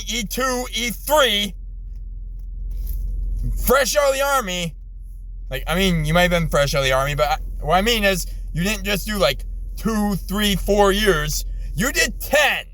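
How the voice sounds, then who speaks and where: A middle-aged man, an army veteran, in an angry, profane rant from his car, exasperated, his voice jumping high when he yells. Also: no room sound, poor audio. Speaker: ranting vlogger, army veteran.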